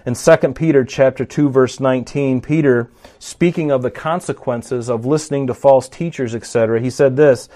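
A man preaching a sermon, teaching through a passage in a conversational way and growing forceful when he quotes scripture. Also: mid-range voice, fairly even intonation, normal speed, few pauses. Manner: conversational with frequent fillers and restarts. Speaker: pastor.

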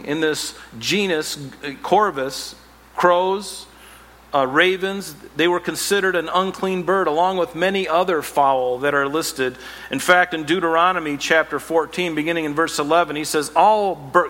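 Man, pastor, sermon, playful and animated, bright sharp tone, long hall reverb. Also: a little high. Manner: animated, playful asides and self-mocking humor.

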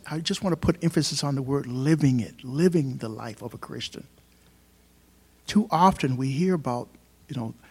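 A man's voice: medium pitch, a little mellow, breathy edge. Conversational male preacher, rising emphasis. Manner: conversational preaching with rhetorical questions and emphatic rises. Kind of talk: sermon. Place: church service.

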